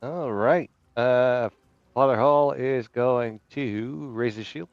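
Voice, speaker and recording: A man's voice: medium pitch, slow, clear, resonant tone, muffled recording. A man playing a tabletop game, thinking aloud and hesitating over his moves. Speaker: player.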